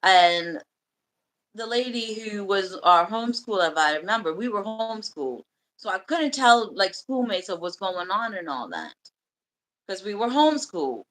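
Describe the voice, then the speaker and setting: A woman hosting a livestream, bluntly and profanely telling a painful personal story in halting bursts. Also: mid-range voice, big pitch swings, fairly bright tone, low-quality recording. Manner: emotional, halting confession. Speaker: livestream host.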